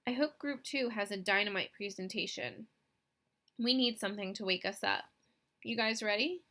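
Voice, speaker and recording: A woman voicing a brisk, encouraging schoolteacher, read from a storybook. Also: mid-range voice, bright, forceful tone.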